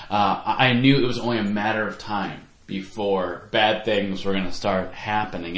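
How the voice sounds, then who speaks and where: A man preaching to parents, earnest and reflective, at a middle pitch. The sound carries a noticeable room echo, as if from a church hall. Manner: earnest, reflective preaching with warm personal stories. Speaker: youth pastor. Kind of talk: sermon to parents. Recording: echoey room.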